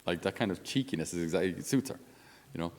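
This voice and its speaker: A man's voice: low voice, expressive, fast talker, long reverb tail. A male Catholic priest giving an informal spiritual talk on his podcast in a conversational, down-to-earth way with self-deprecating humor.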